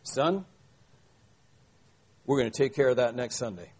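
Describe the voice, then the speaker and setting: A man's voice: medium pitch, animated, unhurried, breathy edge, pitched below the performer's own voice. A man voicing an older male Southern country preacher, folksy and insistent.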